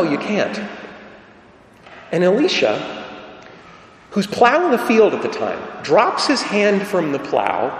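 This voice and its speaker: A man's voice: medium pitch, slight background noise. A man giving an emphatic sermon, asking rhetorical questions and repeating key phrases. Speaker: preacher. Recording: echoey church from a distance.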